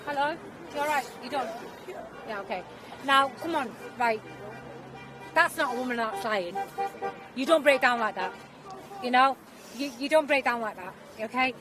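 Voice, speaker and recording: A woman campaigner addresses a street crowd forcefully, throwing rhetorical questions at them. Her fairly high voice sits at a distance from the mic. Crowd noise fills the background. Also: normal speed, music in the background. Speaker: protest organiser and campaigner. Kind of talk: public speech to a crowd. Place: outdoors on a city street at a protest.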